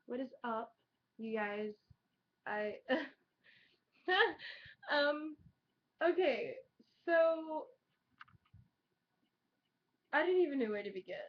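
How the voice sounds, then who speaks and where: A bubbly young woman with a fairly high voice talks straight to her webcam, excitable and rambling, full of "like" and casual swearing. The audio is dull and lo-fi. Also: drawn-out words, long pauses. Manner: chatty, excitable, heavy use of "like" and swearing. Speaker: vlogger. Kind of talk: casual chat to camera.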